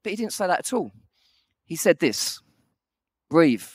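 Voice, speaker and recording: Animated man preaching a funny story. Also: sits high, normal speed, husky, no room sound, clean studio sound. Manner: animated, self-deprecating storytelling. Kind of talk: humorous storytelling sermon.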